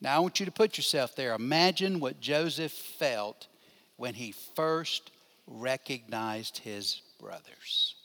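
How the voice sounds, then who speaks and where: A man's voice: mid-range voice, slow, pushed and bright. An older man, a pastor, teaching a Bible class in a conversational way, putting questions to his listeners and answering them. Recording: long hall reverb.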